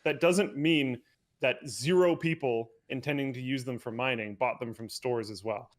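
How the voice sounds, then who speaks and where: A man co-hosting a casual tech podcast, explaining his points in a measured way. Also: medium pitch. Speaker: podcast co-host. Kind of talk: casual tech news chat.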